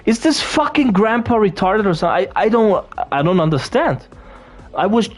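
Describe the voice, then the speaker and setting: A young man rants through a storytime, profane and outraged. His voice sits fairly high and swings widely in pitch. Faint music plays underneath. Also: lively intonation, normal speed. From Austria. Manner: profane, indignant ranting. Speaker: vlogger. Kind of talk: angry storytime rant.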